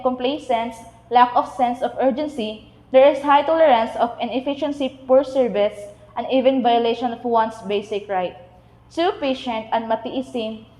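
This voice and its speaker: Woman reading a lesson list aloud; slightly high voice, roomy echo. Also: darkish tone. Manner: reads a list item by item, with restarts on hard words. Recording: echoey room.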